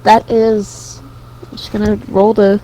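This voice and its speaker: A woman's voice: mid-range voice, little pitch movement, unhurried, warm tone, rough recording. A woman playing a tabletop game, chatting casually with a joking, indignant edge. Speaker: player.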